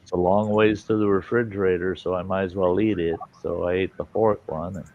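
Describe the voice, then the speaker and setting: A man's voice: deep voice, steady tone, a little fast. A man hosting a casual livestream chat, telling rambling, salty stories and acting out quotes. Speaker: host. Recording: dull lo-fi stream audio with faint hiss.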